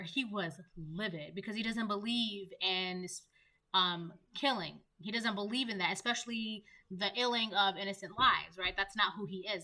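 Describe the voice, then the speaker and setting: A woman's voice: mid-range voice, sharp tone. A woman giving a casual spoken tarot reading. She rambles and keeps checking in with "right?" and "um". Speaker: tarot reader.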